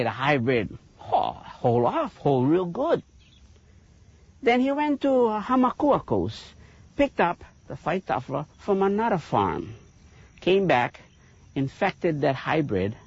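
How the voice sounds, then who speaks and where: A taro farmer with a Hawaiian Pidgin accent leads a farm tour, describing his fields in an animated, folksy way and tacking "yeah?" onto his points again and again. His mid-range voice is husky, and the recording sounds muffled.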